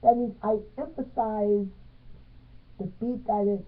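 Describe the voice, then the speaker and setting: Female music teacher, unhurried and halting, counts beats aloud; narrow lo-fi audio. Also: mid-range voice, fairly even intonation. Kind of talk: piano music theory tutorial. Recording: tinny phone-like sound.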